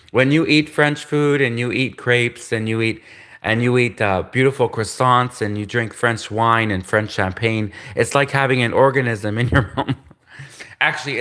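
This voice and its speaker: Canadian guy rambling on a livestream, bright voice, keeps giggling and repeating himself. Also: medium pitch. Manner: rambling, repetitive, giggly asides. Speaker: livestream host. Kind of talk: rambling solo livestream monologue.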